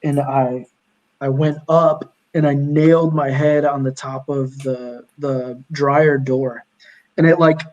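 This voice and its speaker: A young man, a podcast guest, chatting casually and telling animated stories with lots of fillers. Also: medium pitch, slow pace, highs cut off. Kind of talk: casual chat.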